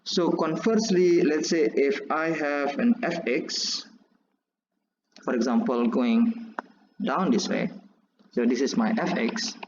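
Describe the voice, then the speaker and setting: A man teaching calculus while drawing graphs, halting and restarting often as he explains. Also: mid-range voice, darkish tone, a little hiss or hum. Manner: halting, many restarts and fillers. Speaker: math teacher. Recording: echoey, dull lo-fi recording.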